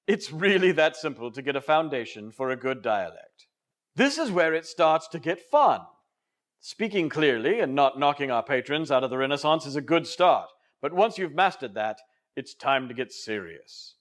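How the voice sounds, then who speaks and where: A man's voice: a little high, animated, moderate pace. A man in a put-on English accent narrating a training video in a playful, theatrical and emphatic way.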